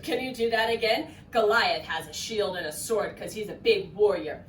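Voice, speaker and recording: A woman leading a scripted children's church lesson in an animated, coaxing way. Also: mid-range voice, moderate pace, hardly any pauses, echoey room, far from the mic, a little hiss or hum. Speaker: children's program teacher.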